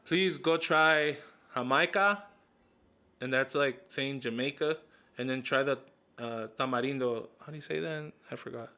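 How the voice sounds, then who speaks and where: A man from California hosts a relaxed interview, joking around and swearing easily. He drops Spanish words into his English. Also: mid-range voice, normal speed, vocal fry. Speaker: podcast host. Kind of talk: casual interview chat.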